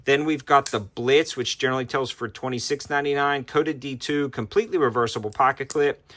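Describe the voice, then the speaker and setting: A man with a bright, forceful voice runs down product deals one after another. His delivery is brisk and upbeat, like a seasoned presenter reeling off specs and prices. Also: mid-range voice, fairly even intonation, a little hiss or hum. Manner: quick, upbeat sales-style patter. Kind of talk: product deal rundown.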